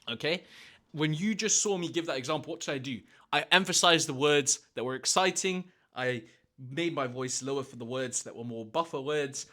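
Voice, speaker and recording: A man's voice: mid-range voice, fairly bright tone. A man giving dating advice in a casual vlog, talking in a brash, crude, emphatic way and swearing often. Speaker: dating coach.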